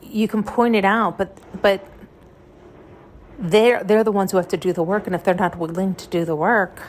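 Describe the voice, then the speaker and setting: A woman's voice: mid-range voice, steady tone, moderate pace. A woman hosting a podcast, talking in a rambling, frank and profane monologue. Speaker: podcast host. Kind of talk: casual intuitive monologue.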